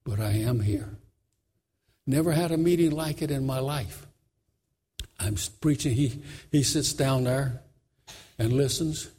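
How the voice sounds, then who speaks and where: A man's voice: sits high, slightly rough, long reverb tail. A man preaching a sermon, telling a story with fervor and repeating phrases for emphasis.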